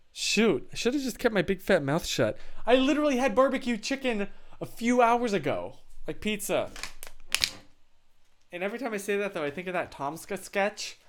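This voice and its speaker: A man's voice: sits high, big pitch swings, normal speed. A man chatting casually on a live stream, rambling through tangents with lots of fillers. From United States.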